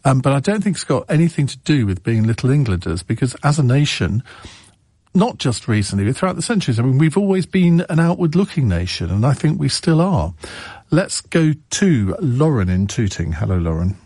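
A man hosts a radio phone-in and chats casually with callers, hesitating constantly with restarts and fillers. His medium-pitched voice is sing-song, a little quick, dark and breathy. It's captured on a studio microphone with studio quality and no room sound.

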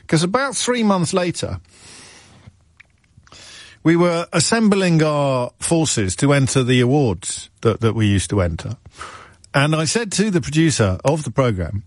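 A man's voice: on the high side, expressive, measured pace, no room sound. A middle-aged man hosting a radio phone-in show, telling stories in a wry, rambling way and correcting himself as he goes. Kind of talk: chatty on-air monologue. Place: radio studio.

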